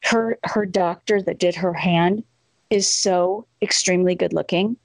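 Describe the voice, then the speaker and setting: A middle-aged woman co-hosting a casual chat, telling an animated story and acting out the quotes. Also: lowish voice, no room sound, rough recording. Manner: animated, acts out quotes, quick asides.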